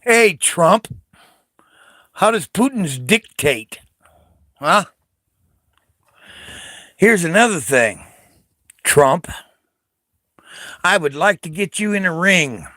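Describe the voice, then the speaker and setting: A man's voice: sits high, sing-song, slow, long pauses, sharp tone, no room sound, clean studio sound. An older man from the United States, a Navy veteran, delivering an angry, profane political rant, confrontational and taunting.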